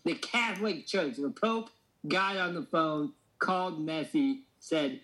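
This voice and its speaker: A man's voice: on the high side, expressive, pushed and bright, low-quality recording. A man hosting a casual podcast, bantering and tossing in jokes and asides. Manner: joking, quick asides. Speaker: podcast host.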